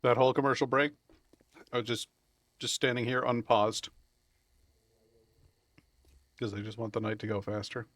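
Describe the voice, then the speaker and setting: A man streaming a video game live, chatting casually and rambling as he plays, swearing freely and laughing loudly at chat. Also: mid-range voice, flat delivery, fairly quick, no echo. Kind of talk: live gameplay commentary.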